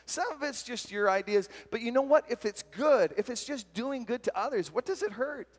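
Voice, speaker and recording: A man giving a talk at a retreat, telling personal stories in a lively, self-deprecating way with frequent laughs. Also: extremely high pitch, moderate pace. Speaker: retreat speaker. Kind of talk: storytelling sermon talk. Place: large hall at a retreat. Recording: long hall reverb from a live talk.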